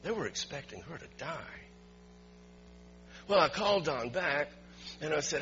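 Bright, animated pastor telling a story. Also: male voice, fairly high pitch, unhurried, long pauses. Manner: animated storyteller building to emphatic shouts. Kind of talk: storytelling sermon. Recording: dull lo-fi recording with faint hum.

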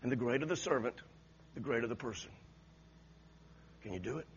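A man's voice: medium pitch, lively intonation, fairly quick, highs cut off, slight background noise. A male preacher giving an impassioned sermon with repeated exhortations to the congregation.

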